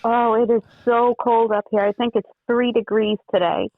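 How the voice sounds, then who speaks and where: Quick-talking Boston woman on a phone line. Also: a little high, fairly even intonation, dry recording. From Boston area, USA. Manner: quick, sharp-tongued banter. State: has a cold. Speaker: podcast guest. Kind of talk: casual chat.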